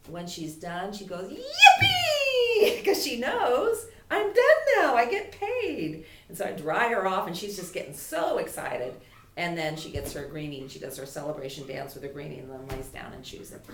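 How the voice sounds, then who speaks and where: A woman dog trainer teaching a puppy class in a chatty way, voicing the dog's thoughts. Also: low-pitched. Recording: echoey room from far off, faint noise.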